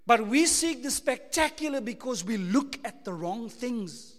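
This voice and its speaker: A South African man preaching a sermon, emphatic, full of rhetorical questions, swinging between loud and hushed. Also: very high voice, lively intonation, measured pace, in a large hall. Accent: South African English.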